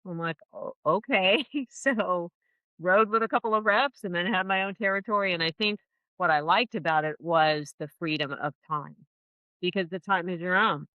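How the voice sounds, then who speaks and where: A woman in her sixties, a home warranty rep, chatting warmly as a guest on a podcast and telling stories from her career. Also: fairly low pitch, normal speed, no room sound, highs cut off. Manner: warm, chatty storyteller. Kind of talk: casual interview chat.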